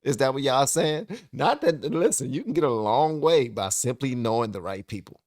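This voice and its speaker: A man's voice: medium pitch, lively intonation, moderate pace, a little mellow, dry recording, studio quality. A man hosting a reaction video, chatting casually to viewers with laughter and asides.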